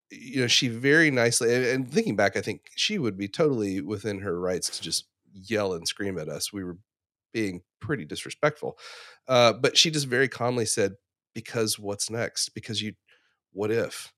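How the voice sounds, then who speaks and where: A lowish-voiced man in his forties, speaking as a clinician in a thoughtful, unhurried discussion. He tells stories with small restarts and fillers, and the sound is dry and close, with almost no room around it. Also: animated, a bit bright, no room sound. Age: 40s. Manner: reflective, storytelling with frequent fillers and restarts. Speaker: ICU clinician, podcast co-host. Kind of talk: casual professional discussion.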